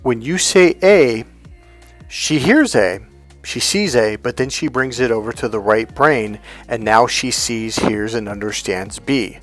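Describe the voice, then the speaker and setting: A middle-aged man from California giving a blunt, profane, animated dating-coaching talk. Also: mid-range voice, measured pace, faint music behind. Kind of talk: emphatic coaching monologue.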